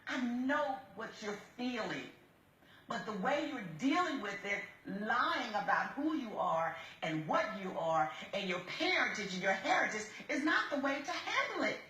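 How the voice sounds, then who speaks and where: A woman's voice: on the high side, very animated, normal speed, bright, forceful tone. A woman presiding as a TV judge, lecturing in a stern, blunt and scolding way. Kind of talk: courtroom lecturing. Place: TV courtroom studio. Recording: roomy courtroom sound.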